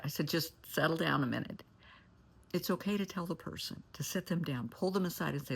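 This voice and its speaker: Husky, gravelly-voiced woman therapist. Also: sits low, normal speed. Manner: candid, blunt, shifts to forceful warnings. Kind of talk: storytelling advice talk.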